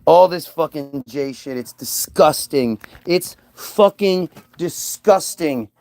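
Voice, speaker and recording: A man's voice: on the high side, slow, gravelly, a little mellow, no room sound. A man talking in a heated, profane, unscripted monologue, stumbling and restarting his sentences as he goes. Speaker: vlogger.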